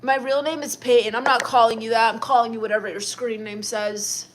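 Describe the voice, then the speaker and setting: A young woman hosting a livestream, reading viewer comments aloud in a deadpan, dismissive, sarcastic comedic manner. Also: fairly high pitch, brisk, a little hiss or hum. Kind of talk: in-character comedic livestream chat.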